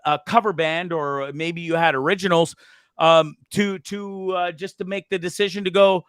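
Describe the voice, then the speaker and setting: Bright-voiced rambling male host. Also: sits high, steady tone, moderate pace, clear, resonant tone, no room sound. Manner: rambling, casual, swears freely. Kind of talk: casual interview chat. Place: bar in Nicaragua.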